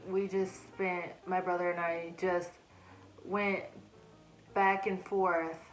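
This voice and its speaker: A woman's voice: lowish voice, fairly bright tone, roomy sound, rough recording. A young woman in a casual storytelling vlog, chatting animatedly and acting out quoted asides, recorded on a phone. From United States. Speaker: vlogger. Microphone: phone camera.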